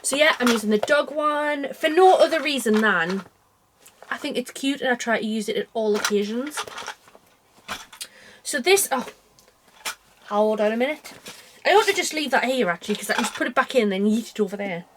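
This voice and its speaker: A woman's voice: on the high side, lively intonation, normal speed, pauses often, noisy background. A British woman vlogging from her bedroom, rambling cheerfully about her cross stitch with plenty of self-mocking asides. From United Kingdom. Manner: rambling, chatty and self-deprecating, with frequent asides. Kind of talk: casual chat to camera.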